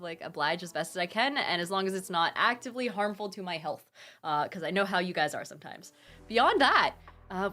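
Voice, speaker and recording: This is a young woman on a home desktop stream, chatting casually and reading out donations for a charity drive. Her voice swings up and down as she gushes her thanks. Soft music plays faintly behind her. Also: mid-range voice. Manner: bubbly, excitable, gushing thanks. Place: home room at her computer. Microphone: desktop streaming mic.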